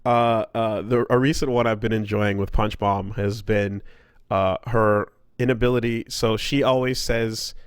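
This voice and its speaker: A man's voice: lowish voice, fairly even intonation, unhurried, clean tone, no echo, clean studio sound. A man from Quebec with a Quebec English accent, chatting as a podcast co-host, rambling with lots of fillers and restarts. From Quebec, Canada. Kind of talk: casual chat.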